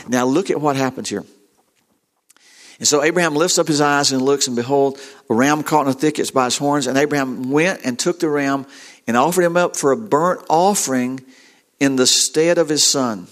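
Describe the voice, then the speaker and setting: A middle-aged man preaching a sermon, telling a story in a halting, earnest way with many repeated words. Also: fairly high pitch.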